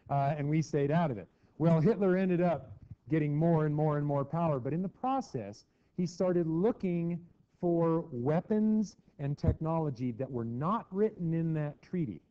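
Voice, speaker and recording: Animated man teaching history, lo-fi. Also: fairly high pitch, moderate pace. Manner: chatty, acts out quotes with mock voices. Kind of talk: classroom history lecture. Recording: dull lo-fi classroom recording.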